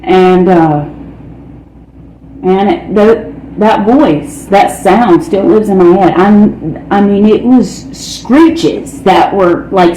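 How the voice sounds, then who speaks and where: A woman's voice: mid-range voice, dark tone. A woman giving a candid, blunt recovery testimony as a speaker, peppering her talk with "man" and "you know.". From North Carolina, United States. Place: meeting hall. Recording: echoey room with faint ambient noise.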